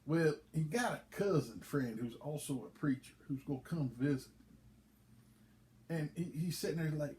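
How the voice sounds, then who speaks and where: A man's voice: on the high side, moderate pace, slight background noise. A man, a league commissioner, chatting casually and telling a folksy joke. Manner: folksy, relaxed storytelling.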